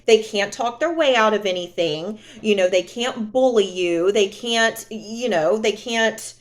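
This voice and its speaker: A woman vlogger talking straight to camera in a sassy, indignant, emphatic way. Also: fairly high pitch. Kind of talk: candid vlog monologue.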